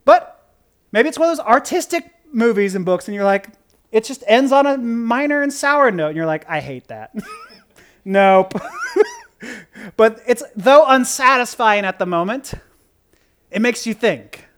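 A pastor preaching in a loose, conversational way, cracking jokes as he goes. The voice sits in a middle register but leaps around constantly, dropping to murmured asides and then jumping to loud, excited outbursts. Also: medium pitch, measured pace, pauses often. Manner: animated, joking, swings from quiet asides to loud outbursts. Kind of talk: sermon.

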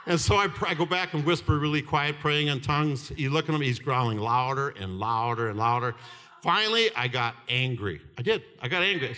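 An older man in his seventies delivers a fervent sermon in a high voice. His tone is bright and ringing, and he tells stories with laughter and shouted peaks. The sound carries a long hall reverb. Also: expressive, normal speed. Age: 70s. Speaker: preacher.

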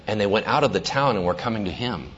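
A man preaching a sermon, telling the story with lively energy and acting out the characters' voices. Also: on the low side, fast talker, lo-fi sound, a little hiss or hum. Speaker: pastor.

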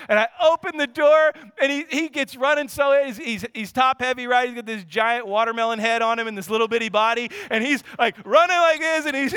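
A man in his thirties delivers a sermon in a high, bright, clear voice. He drops low for scripture and then rises to animated, shouting anecdotes. The sound is dry and close. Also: dry recording. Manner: animated storytelling, swings from hushed to shouting. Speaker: pastor.

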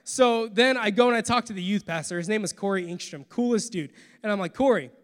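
High-voiced male pastor in a reverberant hall. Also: fairly quick. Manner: storytelling, animated with acted quotes. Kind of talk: sermon testimony.

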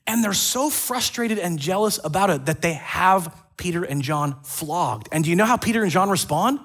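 Male pastor, slightly high voice, animated storyteller, casual sermon. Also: normal speed. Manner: animated storytelling with acted quotes and asides. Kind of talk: casual sermon retelling scripture.

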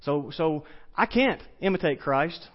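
A man's voice: fairly high pitch, animated, a little slow. A pastor with an East Tennessee Southern accent, preaching a casual, story-driven sermon and putting questions to his congregation. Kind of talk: conversational sermon. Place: church sanctuary. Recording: dull lo-fi church recording.

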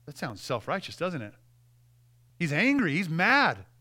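A man's voice: fairly high pitch, wildly swooping pitch, unhurried, sharp tone. A male pastor giving a conversational sermon and acting out quotes as he preaches.

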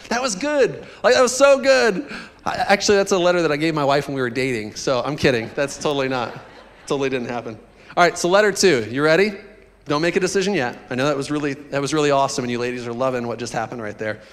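A man preaching a sermon as pastor, animated and joking as he talks directly to the congregation. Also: medium pitch, fast, big-room sound.

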